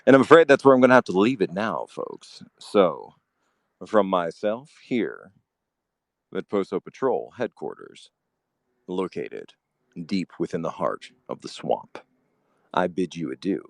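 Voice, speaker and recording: A man hosting a comedic podcast, speaking in a pompous, drawn-out, grandiose way. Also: sits low, very animated, gravelly, no room sound. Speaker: podcast host.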